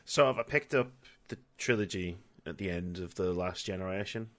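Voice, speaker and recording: A man's voice: sits low, moderate pace, fairly bright tone. A man co-hosting a podcast in casual chat, hesitant with many ums. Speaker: podcast co-host.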